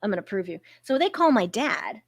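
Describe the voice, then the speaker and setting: A middle-aged woman hosting a podcast in casual chat, swearing freely and telling deadpan jokes about her kids. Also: medium pitch, a little fast, no room sound, studio quality. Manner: profane, joking, deadpan bits. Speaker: podcast host.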